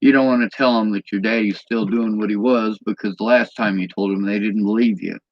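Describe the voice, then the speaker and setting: A man's voice: lowish voice, fairly even intonation, fairly quick, dry recording, muffled recording. A man in an angry personal vlog rant, bitter and agitated, swearing often.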